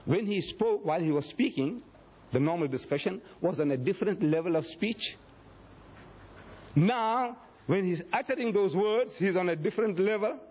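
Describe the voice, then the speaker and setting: A man's voice: high-pitched, lively intonation, normal speed, a little mellow, slightly rough. A man from Africa, giving a public religious lecture and acting out quoted speech with dramatic storytelling. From South Africa. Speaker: Islamic lecturer.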